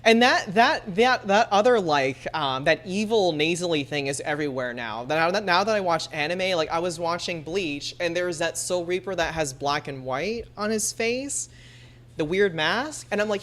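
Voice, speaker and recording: A woman's voice: low-pitched, lively intonation, moderate pace. A woman streamer chatting casually and laughing often, using many fillers. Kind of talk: casual chat.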